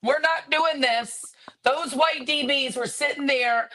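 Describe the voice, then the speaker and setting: A woman's voice: sits high, takes it slowly, crowd noise, low-quality recording. A woman co-hosting a sports talk show, ranting with sarcasm and emphasis in casual chat. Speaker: podcast co-host.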